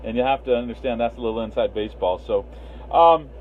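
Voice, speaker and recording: A man's voice: mid-range voice, fast talker. Man livestreaming over a tinny line. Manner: rambling, many fillers, greets viewers by name. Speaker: livestream host. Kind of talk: casual livestream talk. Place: Las Vegas. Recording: tinny phone-line sound, faint hiss.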